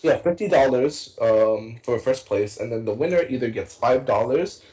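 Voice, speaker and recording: A young man co-casting a card game tournament in a casual, rambling, excitable way, with many fillers and restarts. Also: medium pitch, normal speed, poor audio. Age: young adult. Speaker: tournament co-caster.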